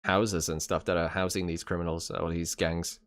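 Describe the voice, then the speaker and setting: Deep-voiced English guy with an American accent. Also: flat delivery, moderate pace, a bit bright. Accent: American-sounding. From England. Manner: rambling, many fillers and restarts. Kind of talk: casual live-stream chat.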